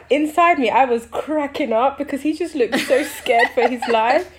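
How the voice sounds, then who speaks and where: A young woman, co-hosting a casual chat and telling a story with lively acted-out quotes and frequent laughter. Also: high voice, a little fast, few pauses. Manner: animated storytelling, acts out quoted people, laughs often. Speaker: podcast co-host.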